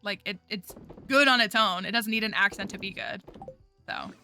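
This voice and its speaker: An American woman chats casually while streaming a game, rambling and packing her talk with "like." Her voice is medium-pitched and sharp, at a normal speed, with game music behind her.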